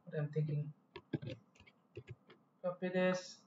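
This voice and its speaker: The man speaking is a programming tutor walking through a screen-recorded coding tutorial, wandering and self-correcting in his explanations. His high voice holds a steady tone and takes things slowly. The background is noisy, and the room sound is echoey and dull.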